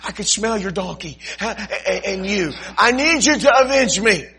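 Relentless pleading widow, put on by a male preacher, high strained falsetto, bright edge. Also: moderate pace, slightly rough, exaggerated voice. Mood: nagging insistent. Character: persistent pleading widow woman, shrill and relentless.

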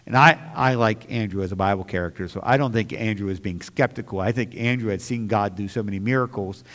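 A man's voice: on the low side, fast, fairly bright tone. Earnest male preacher in a reverberant hall. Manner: earnest, rising to impassioned bursts. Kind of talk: sermon.

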